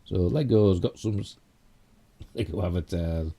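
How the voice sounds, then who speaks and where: A man's voice: sits low, unhurried, gravelly, warm tone. A middle-aged man with a Yorkshire accent, hosting a casual live stream and rambling chattily with self-mocking asides. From Yorkshire, England. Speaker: YouTube host.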